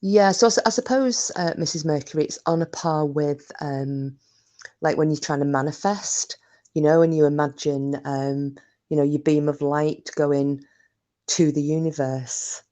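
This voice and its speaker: A woman's voice: sits low, fairly even intonation, a little slow, mellow. Rambling, chatty woman host. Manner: rambling and chatty, full of fillers, greets viewers by name. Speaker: livestream host. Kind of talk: casual chat on a live stream.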